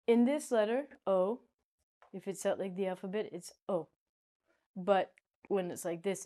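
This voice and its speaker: A middle-aged woman teaching English pronunciation to learners, her pitch sitting in the middle for a woman. She speaks at an unhurried pace. Her delivery is playful and jokey, with sudden high, exaggerated demonstrations of sounds. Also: dark tone.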